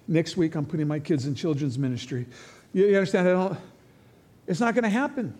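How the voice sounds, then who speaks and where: A man preaching a sermon as pastor, in a conversational, animated way, acting out quotes. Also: on the high side, brisk.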